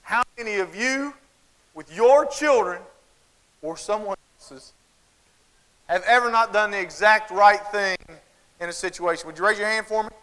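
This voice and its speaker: A man's voice: high voice, normal speed, long pauses. A man with a Southern accent giving a humorous keynote at a conference, telling stories and acting out voices of parents and children. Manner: animated storytelling, acting out voices of parents and kids. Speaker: keynote speaker. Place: large conference hall. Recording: hall reverb from a large venue. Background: audience laughter.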